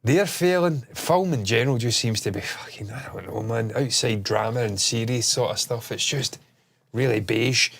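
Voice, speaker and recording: A man's voice: mid-range voice, moderate pace, fairly bright tone. Brief: male host, blocked nose, loose rambling delivery, casual swearing. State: stuffed-up nose. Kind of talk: casual chat stream.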